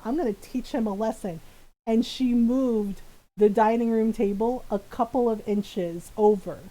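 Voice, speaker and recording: A woman streamer with a bright, high voice talks casually while she plays. She laughs often and mimics the people in her stories in animated bursts. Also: low-quality recording. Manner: animated, acts out family members' voices. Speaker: live-streamer. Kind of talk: casual chat while gaming.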